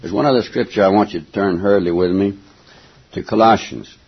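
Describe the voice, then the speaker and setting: An older man preaching a folksy, emphatic sermon, stopping now and then to clear his throat and going back over his words. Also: fairly low pitch, fairly quick. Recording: dull lo-fi recording.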